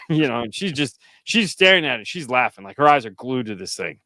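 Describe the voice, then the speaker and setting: A man co-hosting a casual chat show, telling stories with lively quoted voices. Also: medium pitch, fairly quick, no echo, studio quality. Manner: animated storyteller, jumps into quoted voices. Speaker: podcast co-host.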